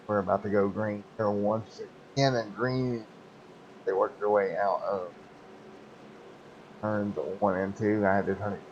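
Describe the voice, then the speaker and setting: A hoarse man doing excitable, rambling race commentary over a sim race, with many fillers. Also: lowish voice, measured pace, long pauses, lo-fi sound, a little hiss or hum.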